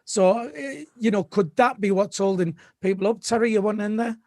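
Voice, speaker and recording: A man's voice: sits high, fairly even intonation, normal speed, dark tone, dry recording. A man hosting a live fan panel, talking casually with many fillers and restarts. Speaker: host of a live fan show.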